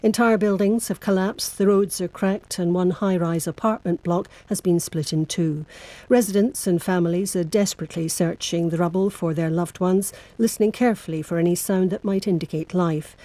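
A woman reading a radio news bulletin in a measured, formal way. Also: on the low side, steady tone, mellow, dry recording. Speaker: newsreader.

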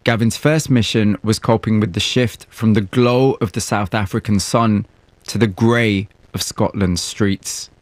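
A male radio host who narrates a scripted story and asks measured, sympathetic interview questions. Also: fairly low pitch, steady tone, dry recording.

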